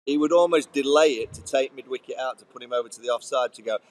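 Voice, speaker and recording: A man's voice: mid-range voice, fast, poor audio. A middle-aged man, a former cricketer, telling casual anecdotes on a podcast with easy laughter. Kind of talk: casual podcast chat, storytelling.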